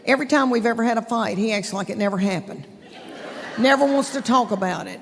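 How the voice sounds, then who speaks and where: Southern female comic, 50s, higher pitch, drawling and chatty, faint room noise from a live stage. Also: fairly quick, long reverb tail. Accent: Southern American. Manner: chatty, drawling, addresses the audience directly. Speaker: stand-up comedian. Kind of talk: stand-up comedy set. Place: theater stage before a live audience.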